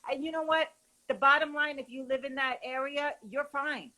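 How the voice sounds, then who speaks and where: A woman from New joins a live stream over her phone as a guest. Her voice is high and bright, and she tells stories in a chatty, excitable way. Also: normal speed, poor audio. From New York. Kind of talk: casual live-stream chat.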